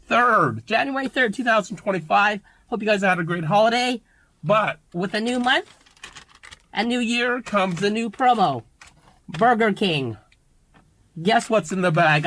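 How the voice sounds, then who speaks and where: A food reviewer opening a video, complaining in a grumpy way about a fast-food item. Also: medium pitch, bright, forceful tone, low-quality recording.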